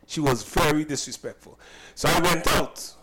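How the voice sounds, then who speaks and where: A man's voice: on the high side, normal speed, rough recording. A man from Saint Kitts, a cook and business owner, recounting a personal incident in an emphatic, indignant way and often repeating himself.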